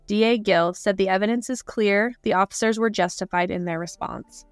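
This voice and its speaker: A woman co-hosting a true crime podcast, reading case details in a sombre, even way. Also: mid-range voice, normal speed, no echo, soft background music. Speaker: podcast co-host.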